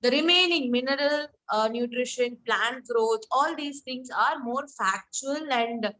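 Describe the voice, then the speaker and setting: Woman, online tutor; casual, halting delivery over a call. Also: on the high side, sharp tone, low-quality recording. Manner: casual, halting, many fillers. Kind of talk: online one-to-one lesson. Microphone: video call.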